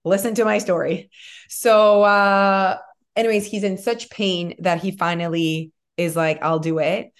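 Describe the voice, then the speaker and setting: A woman in her thirties, co-hosting a podcast in a casual chat, telling an animated, rambling story full of fillers. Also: medium pitch, measured pace. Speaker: podcast co-host.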